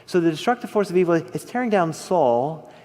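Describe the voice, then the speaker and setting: High-voiced preacher man in a reverberant hall. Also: brisk. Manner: expressive, rises and drops in volume for emphasis. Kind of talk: sermon. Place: church hall.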